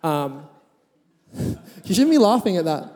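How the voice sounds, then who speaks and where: A high, warm-toned man preaches to his congregation in a chatty, storytelling way. His voice carries a long reverb from a large church hall. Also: very animated, takes it slowly. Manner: chatty, laughing, rising to emphatic. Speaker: pastor. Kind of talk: sermon with storytelling.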